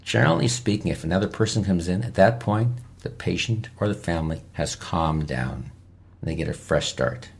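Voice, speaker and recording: A man's voice: deep voice, moderate pace, creaky, husky. A man speaking as a guest expert on an emergency medicine podcast, giving emphatic advice on handling difficult patients. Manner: emphatic, acts out patient lines in quotes. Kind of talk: podcast interview teaching.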